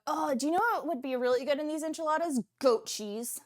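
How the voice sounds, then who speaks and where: Woman, cooking stream host, chatty and animated, slightly high voice, home kitchen feel. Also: brisk. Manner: animated, chatty, frequent pitch jumps and excited outbursts. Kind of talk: casual cooking livestream chat.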